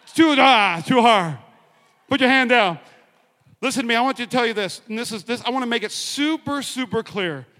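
A man preaching a lively sermon in a large church, joking and rallying the congregation. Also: very high-pitched, fast talker, big-room sound. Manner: energetic, joking, rallying the crowd with call-and-response. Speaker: pastor.

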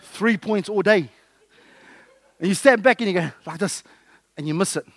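A man preaching a lively, jokey sermon, acting out little scenes as he goes. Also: high-pitched, normal speed, no echo. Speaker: pastor.

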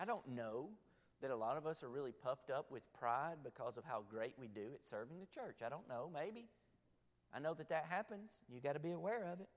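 Male pastor, lively swooping pitch, fairly high voice, long church reverb, loud-to-hushed sermon delivery. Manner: animated, swings from loud to hushed. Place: church sanctuary.

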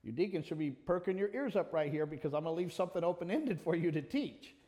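Man, pastor, lively sermon, high voice, church hall reverb. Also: fast. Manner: animated preaching, addresses congregation by name, quotes scripture in old English.

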